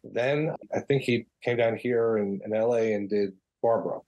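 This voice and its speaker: A man guest on a podcast, chatting casually and telling animated stories about directing audio dramas. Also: lowish voice, normal speed, lo-fi sound. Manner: animated storyteller, mimics people in quotes. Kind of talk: casual interview chat.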